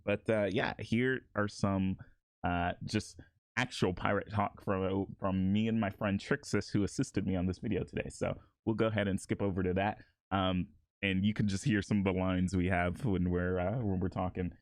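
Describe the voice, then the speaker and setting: A man's voice: low voice, fairly even intonation, normal speed, no room sound. A man talking casually through a voice acting tutorial, rambling a little with restarts. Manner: laid-back, rambling with many restarts and laughs.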